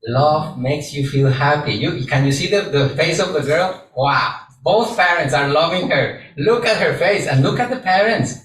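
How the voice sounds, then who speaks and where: A man, a Buddhist monk, giving a gentle sermon to a live audience and repeating phrases for emphasis. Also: a little high, normal speed, hardly any pauses. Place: large echoey hall with audience. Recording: roomy hall, distant mic, faint background hum.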